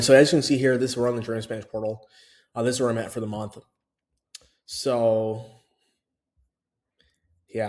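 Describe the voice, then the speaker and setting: A man's voice: mid-range voice, darkish tone. A man vlogging in a casual, rambling way about learning a language, with lots of fillers and restarts. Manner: chatty, full of fillers and restarts. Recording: roomy echo.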